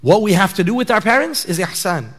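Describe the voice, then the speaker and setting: A man's voice: high voice, sing-song, fairly quick, slightly rough. Man preaching in a reverberant mosque hall. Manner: conversational preaching with rhetorical questions, rising to emphatic peaks. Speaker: imam giving a sermon. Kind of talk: sermon.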